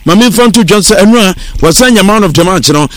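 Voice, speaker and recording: A man reading sports news on the radio in a steady newsreader delivery, mixing English words into his talk. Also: sits high, quick pace, no echo. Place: radio studio.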